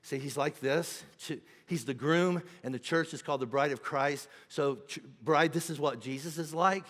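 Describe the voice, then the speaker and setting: A man's voice: on the high side, normal speed, fairly bright tone, long reverb tail. A middle-aged man preaching a sermon as pastor, in a conversational way, acting out quoted voices. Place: church auditorium.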